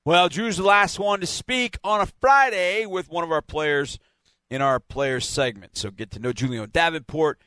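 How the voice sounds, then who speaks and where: A man's voice: on the high side, normal speed, pushed and bright, no echo. A man hosting a team podcast, wrapping up in a chatty, rambling way with laughs. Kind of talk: casual radio-style sign-off.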